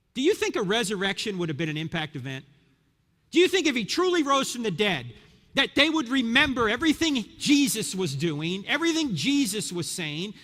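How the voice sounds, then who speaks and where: A high-pitched Christian speaker of around fifty gives a sermon-style lecture to a live audience in a large hall. He's an animated storyteller who asks rhetorical questions. The hall makes the recording reverberant.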